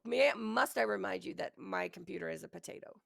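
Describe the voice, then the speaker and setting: Gravelly-voiced co-host, a bit under the weather. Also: mid-range voice, a little fast, a bit bright. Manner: giggly, easygoing. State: slightly sick voice. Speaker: podcast co-host. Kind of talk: casual chat.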